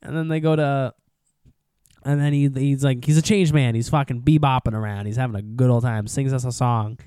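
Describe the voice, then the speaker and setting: Animated swearing podcast host, dry mic. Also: male voice, mid-range voice, brisk, clean tone, dry recording. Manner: animated retelling, acts out characters, swears often. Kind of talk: casual movie recap chat.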